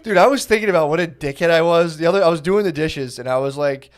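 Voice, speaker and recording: A man's voice: on the high side, quick pace. A young adult man on a comedy podcast, telling crude stories and acting out the quoted lines. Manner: crude storytelling, acts out quotes. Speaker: podcast co-host. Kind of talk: casual comedic chat.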